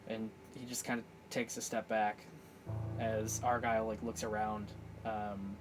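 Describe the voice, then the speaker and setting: A man's voice: fairly low pitch, little pitch movement, poor audio. Male game master with music behind. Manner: halting, many fillers and restarts. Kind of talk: narrating a tabletop game. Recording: clear music bed behind voice.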